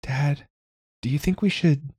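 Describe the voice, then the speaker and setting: A man voicing a determined young girl in a storybook reading, raising his voice high and pleading. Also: a little slow, darkish tone, breathy edge, dry recording. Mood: earnest. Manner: pleading, insistent.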